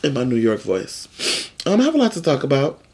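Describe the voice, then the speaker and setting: A man's voice: medium pitch, wildly swooping pitch, a little fast, a little mellow, husky. A man hosting his own vlog, talking through celebrity gossip in a chatty, sassy, playful way. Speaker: vlog host. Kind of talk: casual gossip commentary.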